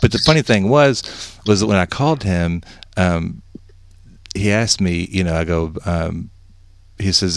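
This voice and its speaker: A rambling, easygoing man with a very low voice, telling stories in a relaxed chat. He laughs often and circles back over his points. The sound is close and dry. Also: moderate pace, no echo. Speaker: podcast host. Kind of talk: casual chat.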